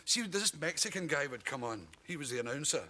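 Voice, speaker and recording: A Scottish man with a slightly high, very lively voice tells funny touring stories, breaking into laughs and little impressions. The old broadcast recording carries a clear hiss under him. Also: a little fast. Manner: lively storytelling, mimics people, laughs often. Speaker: comedian guest. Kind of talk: talk show anecdotes. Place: television studio with audience. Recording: noisy 1981 broadcast recording.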